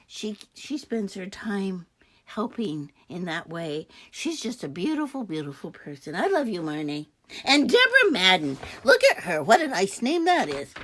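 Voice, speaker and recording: A woman hosting her own show, chatting warmly about the authors of a book, with gushing praise, jokey asides and quick self-corrections. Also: mid-range voice, breathy edge. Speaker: host reviewing a devotional anthology. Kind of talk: casual chat.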